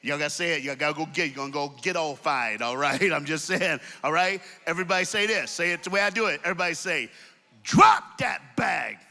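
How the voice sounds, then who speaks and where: High, bright-voiced man preaching in a hall. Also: fast talker, few pauses, faint music behind. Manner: animated storytelling with call-and-response. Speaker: youth speaker. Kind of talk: energetic preaching to a crowd. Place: large hall before an audience. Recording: long hall reverb.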